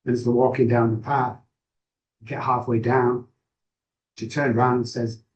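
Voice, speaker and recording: A middle-aged man, speaking as an interview guest. He tells a personal story candidly, with frequent pauses and restarts. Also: mid-range voice, level tone, lo-fi sound. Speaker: guest, addiction recovery expert.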